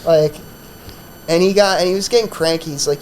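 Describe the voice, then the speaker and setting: A man's voice: on the high side, brisk, pauses often, slight background noise, poor audio. A man who hosts a comedy podcast, telling a profane, rambling story in a casual chat full of fillers.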